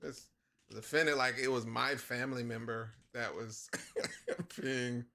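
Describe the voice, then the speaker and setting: A man's voice: medium pitch, takes it slowly, gravelly. A middle-aged man hosting a live comic-drawing stream, chatting casually and acting out his own outbursts as he tells stories. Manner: animated storyteller, acts out his own outbursts. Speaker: livestream host drawing a comic. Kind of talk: casual chat while working.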